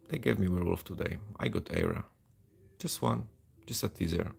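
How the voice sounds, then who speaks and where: A man's voice: low-pitched, wildly swooping pitch, normal speed, gravelly, slight background noise. A man from Poland chatting casually and self-deprecatingly as he streams live gameplay of a mobile game.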